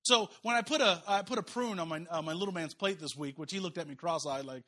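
A man's voice: on the high side, very fast. A man in his thirties preaching a sermon, telling stories and voicing the people in them. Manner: animated preaching with voiced quotes and asides. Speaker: pastor.

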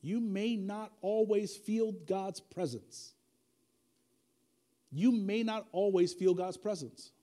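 A man's voice: high voice, slow, warm tone. A man preaching a sermon as pastor, dynamic and conversational, repeating key lines for emphasis with folksy asides.

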